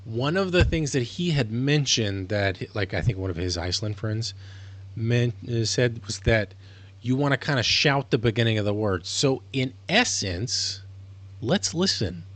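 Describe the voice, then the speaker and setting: A man's voice: mid-range voice, lively intonation, measured pace, fairly bright tone. A man streaming live, talking casually in a rambling, self-correcting way as he explains things. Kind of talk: casual livestream monologue.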